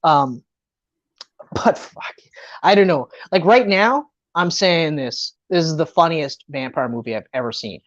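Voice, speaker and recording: An excitable woman co-hosts a casual movie podcast, swearing freely and breaking into laughter. Her pitch leaps around in lively swings. The audio is dull and lo-fi. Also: measured pace. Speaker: podcast co-host. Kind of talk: casual movie review chat.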